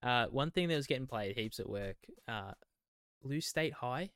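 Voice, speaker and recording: A man's voice: medium pitch, expressive, moderate pace, fairly bright tone, clear, resonant tone, no room sound. Dry-voiced man, rambling chat. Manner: rambling, swears often. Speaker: podcast co-host. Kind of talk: casual chat.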